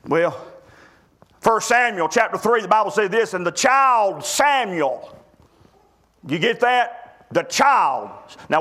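A man's voice: very high voice, pushed and bright. A middle-aged man, preaching a sermon in a folksy storytelling way, often stumbling and restarting his words.

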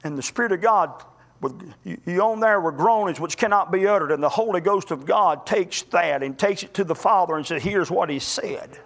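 A male preacher delivering a sermon, telling stories in a folksy, impassioned way that swings between loud climbs and quiet drops. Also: high-pitched, brisk. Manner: impassioned, folksy storytelling with sudden rises and drops.

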